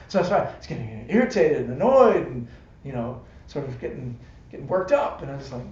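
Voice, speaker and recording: A man's voice: a little high, very animated, takes it slowly, pauses often, a little mellow. A man teaching a casual Buddhist class, chatty and laughing often, checking in with "right?" and "you know". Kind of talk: casual dharma class lecture. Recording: echoey room, dull live-stream audio with faint hiss.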